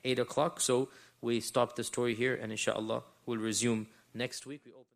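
A man lecturing a class on scripture, explaining slowly, repeating phrases and reciting in Arabic. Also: mid-range voice, flat delivery, creaky. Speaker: teacher of Quran commentary.

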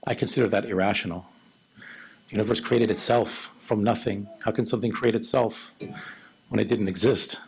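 A man giving an Islamic lecture in a low monotone, then taking audience questions. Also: normal speed, creaky, breathy edge, low-quality recording. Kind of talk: religious lecture with Q&A.

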